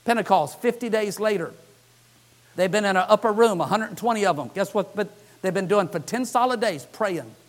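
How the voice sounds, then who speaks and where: High-voiced animated preacher, man. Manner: animated storytelling, acts out the scripture characters' lines; frequent "uh" fillers. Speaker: pastor. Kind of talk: sermon.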